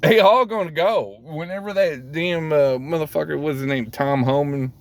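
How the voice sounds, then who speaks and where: A man in a rambling, profane casual rant to camera, full of fillers and sudden high exclamations. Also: normal speed. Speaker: vlogger.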